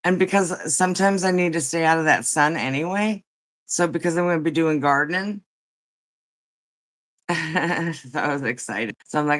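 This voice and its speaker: A woman's voice: low voice, moderate pace, a bit bright. A woman hosting a casual livestream who has just woken up, chatting and rambling, greeting viewers by name. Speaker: livestream host.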